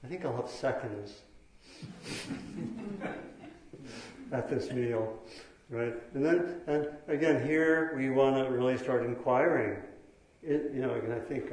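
A man teaching meditation in a dharma talk, speaking slowly and thoughtfully with pauses and fillers. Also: medium pitch, darkish tone. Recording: very echoey hall.

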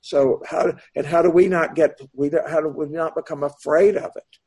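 A man teaching as a Buddhist meditation teacher, answering a question in a slow, searching, meandering Dharma talk. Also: fairly high pitch, steady tone, darkish tone, slightly rough.

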